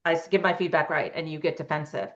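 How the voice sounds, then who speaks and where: A woman's voice: deep voice, steady tone, quick pace, a bit bright, dull audio. A middle-aged woman, a couples therapist, giving advice in a podcast interview and acting out sample dialogues. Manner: explains with acted example dialogues.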